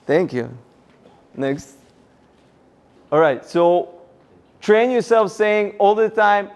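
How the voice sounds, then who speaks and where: A man giving a motivational seminar talk, energetic and rallying the audience with questions. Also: high-pitched, slow, pauses often, clear, resonant tone. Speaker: seminar speaker.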